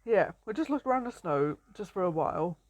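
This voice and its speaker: A woman's voice: fairly low pitch, expressive, fairly quick, a little mellow, no room sound. A young woman chatting playfully while commentating a survival game she is playing. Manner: chatty and playful, often laughing and greeting animals. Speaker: gameplay commentator. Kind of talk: casual let's-play commentary.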